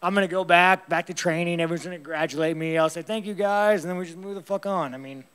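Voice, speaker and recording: Man, fighter, press conference, profane, blunt, rambling, laughs a lot, higher-pitched voice. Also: fast, fairly bright tone, clear, resonant tone.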